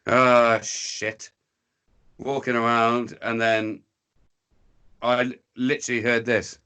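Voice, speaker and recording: A man's voice: mid-range voice, little pitch movement, unhurried, bright, forceful tone, clean tone. An English man telling a rambling, sweary story in casual podcast chat, breaking into voices for the people in it. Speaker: podcast guest.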